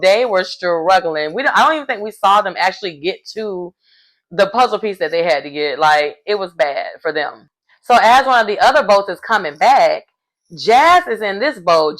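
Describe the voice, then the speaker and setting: A woman, recapping a reality show in a casual, animated way and laughing often. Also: mid-range voice.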